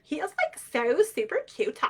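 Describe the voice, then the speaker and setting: A woman's voice: high voice, sing-song, normal speed, voice pushed up. A woman acting out a teenage girl who gushes to her friends about a cute boy. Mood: gushing. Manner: gushing, breathless gossip. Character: gossiping teenage girl with a crush.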